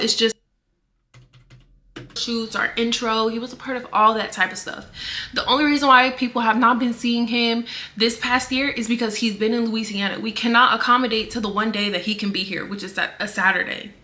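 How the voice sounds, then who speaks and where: A woman's voice: on the high side, pushed and bright. A young woman, a vlogger, talks to camera in an earnest and defensive way, with many fillers. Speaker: vlogger answering rumors. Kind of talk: casual personal statement to camera.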